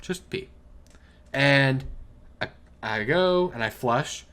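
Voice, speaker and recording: A man's voice: medium pitch, expressive, slow, a bit bright. A young man co-hosting a podcast, telling stories in casual chat, swearing and laughing often. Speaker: podcast co-host.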